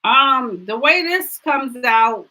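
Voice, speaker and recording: A woman's voice: high voice, animated, takes it slowly, bright, forceful tone, poor audio. A woman giving a card reading on a live stream, talking straight to viewers and reassuring them in casual chat.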